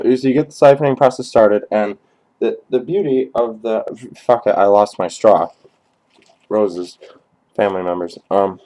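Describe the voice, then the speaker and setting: A young man performing a dry, halting comedy monologue in character, crude and profane, recorded on a cheap webcam. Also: fairly low pitch, dark tone, rough recording. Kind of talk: deadpan rambling character monologue.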